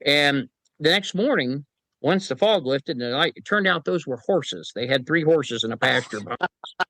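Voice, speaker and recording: A man's voice: fairly high pitch, animated, moderate pace, a bit bright, no echo, low-quality recording. A man being interviewed on a podcast, telling folksy anecdotes about his paranormal team and often acting out the people in them. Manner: folksy anecdotes, acts out voices in quotes, chuckles. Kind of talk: casual storytelling interview.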